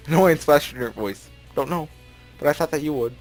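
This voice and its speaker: A man's voice: medium pitch, expressive, brisk. A man hosting a let's play, reading visual novel text aloud with casual joking asides and frequent stumbles. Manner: chatty, laughs often, stumbles over words. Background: game music playing.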